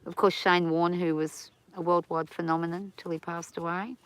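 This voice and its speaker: Middle-aged aussie woman rambling on a farm stream, kinda low voice, a bit stuffy with hay fever. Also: flat delivery, moderate pace, clear, resonant tone. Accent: Australian. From Australia. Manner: rambling, chatty, laughs easily. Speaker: farm owner and livestreamer. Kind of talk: casual livestream chat.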